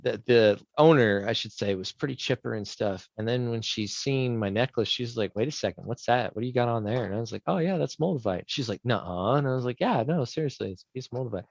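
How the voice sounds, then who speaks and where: A man's voice: mid-range voice, fast, gravelly, few pauses, no room sound, lo-fi sound. A man co-hosting a podcast, casually telling rambling stories and acting out what people said. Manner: rambling storyteller, acts out quotes. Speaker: podcast co-host. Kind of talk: casual chat.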